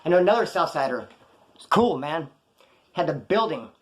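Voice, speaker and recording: A man's voice: fairly high pitch, big pitch swings, moderate pace. A man casually telling prison stories in a blunt, profane, slang-heavy way, acting out the dialogue. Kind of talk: casual storytelling.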